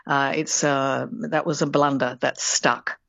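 A woman's voice: very deep voice, little pitch movement, unhurried, creaky, a bit bright, dry recording. Chatty woman linguist on a dull line. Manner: chatty, explanatory, with frequent fillers and small laughs. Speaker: linguistics professor, guest expert. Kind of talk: radio interview explanation.

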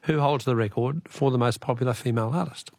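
A man with an Australian accent hosting a talkback radio quiz, chatty and quick to laugh with callers. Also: mid-range voice, gravelly, darkish tone, no room sound, clean studio sound. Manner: chatty, laughs often, friendly banter with callers.

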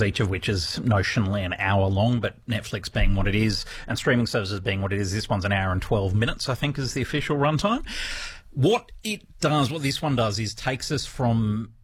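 A man's voice: on the low side, lively intonation, fairly quick, slight background noise. An Australian man in his fifties, a radio TV critic, chatting on air in a rambling, self-deprecating way with many restarts. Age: 50s. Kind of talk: casual radio chat.

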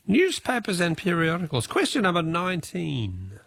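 A man with an Australian accent hosting a talkback radio quiz, brisk and friendly, reading questions and calling out listeners' answers. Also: sits high, wildly swooping pitch, gravelly, a bit bright, slight background noise.

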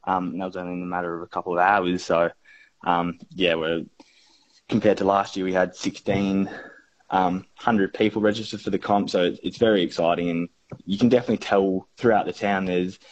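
Keen Australian fishing reporter, low voice, rambling and upbeat, muffled lo-fi line. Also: male voice, little pitch movement, fairly quick. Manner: enthusiastic, rambling with fillers and restarts. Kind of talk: casual radio chat.

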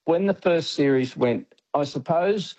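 Plain-spoken Australian man, mellow voice. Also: fairly high pitch, a little slow, lo-fi sound. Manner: plain-spoken, frequent restarts. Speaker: interview guest, dog trainer. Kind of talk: radio interview.

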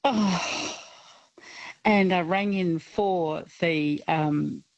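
Woman in her fifties, from South Australia, radio caller, slow and hesitant, lowish voice, self-deprecating and giggly, dry close sound. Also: no echo. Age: 50s. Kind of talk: casual phone-in chat.

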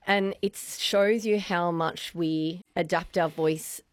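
Australian woman explaining voice, low-pitched. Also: fairly even intonation, takes it slowly, dry recording. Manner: informative, friendly, laughs easily. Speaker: voice expert guest. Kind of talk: explanatory radio chat.

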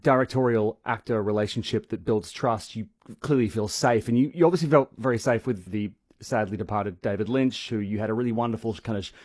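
A man's voice: fairly low pitch, brisk, few pauses, darkish tone. A man interviewing an actor, asking long, carefully framed questions.

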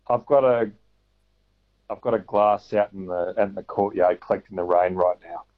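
A man's voice: low voice, moderate pace. A man calling into a radio quiz, chatty and self-mocking. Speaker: caller. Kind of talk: casual phone-in chat. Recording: dull phone-in line.

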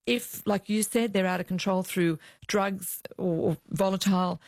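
A woman's voice: medium pitch, normal speed, vocal fry, no echo. A middle-aged Australian woman, a former police officer, telling anecdotes in an interview and acting out the voices of the people in them. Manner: animated anecdotes, acts out quoted voices. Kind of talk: interview storytelling.

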